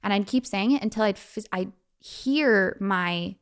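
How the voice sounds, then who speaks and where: A young woman as a podcast guest, telling personal stories in a chatty way with lots of fillers and quick laughs. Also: mid-range voice, clear, resonant tone. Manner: chatty, frequent fillers, quick laughs, acts out quoted voices. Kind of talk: casual storytelling.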